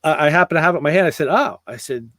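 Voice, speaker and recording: A man's voice: on the high side, rapid-fire, no room sound, clean studio sound. A man hosting a podcast, telling stories in a casual chat and acting out the other people's lines. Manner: animated, acts out dialogue in voices. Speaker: podcast host.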